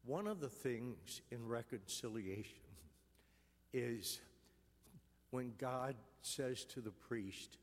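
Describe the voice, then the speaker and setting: A man, a priest, giving an earnest, gentle homily in a church. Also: mid-range voice, expressive, slow, in a large hall.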